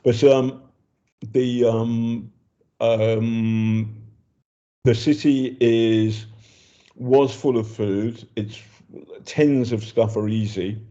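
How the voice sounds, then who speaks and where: A man's voice: medium pitch, fairly even intonation, very slow, pauses often, mellow, dull audio. An older British man, a journalist reporting from a war zone, talking in a chatty, hesitant way with many ums and restarts. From Britain. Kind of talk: casual spoken report.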